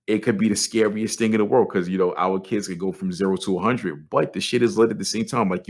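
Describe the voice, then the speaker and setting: A man, hosting a podcast as a casual, candid monologue with profanity and frequent restarts. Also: deep voice. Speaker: podcast host.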